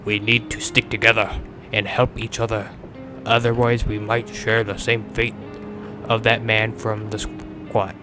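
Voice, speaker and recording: A man's voice: fairly low pitch, level tone, unhurried, music in the background, lightly acted. An American man voicing a war-weary Eastern European male survivor in a clumsy, put-on Russian accent, reading the lines stiffly and earnestly. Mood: solemn.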